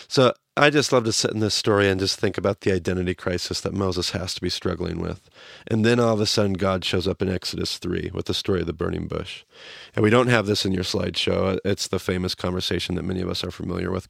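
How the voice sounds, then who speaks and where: A man hosting a podcast, teaching a Bible story in a casual, animated way. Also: deep voice, fairly quick, gravelly, slightly rough, no echo, studio quality. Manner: animated, acts out quotes as he teaches.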